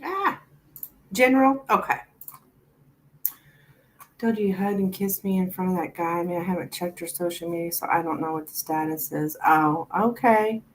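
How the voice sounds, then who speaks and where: A woman's voice: lowish voice, normal speed, long pauses, a little hiss or hum. A woman giving a live tarot reading, chatting with viewers and thinking aloud with lots of "like.". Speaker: tarot reader.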